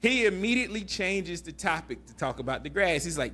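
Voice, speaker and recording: A man hosting a casual podcast, retelling a movie scene by scene. He talks in an animated, laughing way with plenty of profanity. His voice sits fairly high and swings widely. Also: fairly quick. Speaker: podcast host. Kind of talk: casual chat, movie recap.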